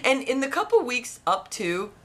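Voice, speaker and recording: A woman casually telling a personal story, rambling and animated with lots of restarts. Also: fairly high pitch, moderate pace. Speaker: vlogger.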